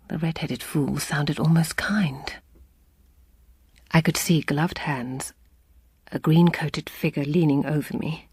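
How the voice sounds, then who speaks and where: A woman giving a dramatic first-person story reading in a hushed, half-whispered delivery. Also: deep voice, normal speed, breathy edge, no echo. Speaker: audiobook reader.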